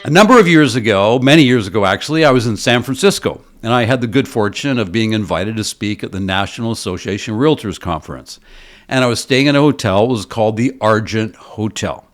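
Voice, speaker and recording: A man's voice: fairly low pitch, lively intonation, a little fast, faint music behind. A man working as a business coach, giving a motivational talk built around a story and asking his listeners rhetorical questions.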